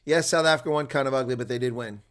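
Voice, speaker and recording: A man giving live rugby play-by-play commentary, moving from relaxed asides to excited calls. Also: medium pitch, rapid-fire. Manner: swings from quiet asides to loud excited calls; chuckles and chats with viewers between plays.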